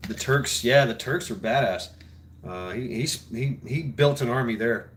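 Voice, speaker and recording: A man's voice: medium pitch, a little slow, a little hiss or hum. A man hosting a casual talk show, rambling with many restarts, swearing freely, laughing often. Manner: mimics others in mock voices. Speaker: show host. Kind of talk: casual chat.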